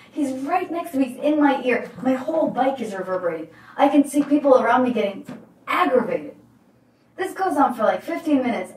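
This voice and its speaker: Brief: expressive woman motivational coach, story-driven delivery, recorded from a distance in a roomy space. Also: fairly high pitch. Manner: emphatic, animated storyteller. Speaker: life coach.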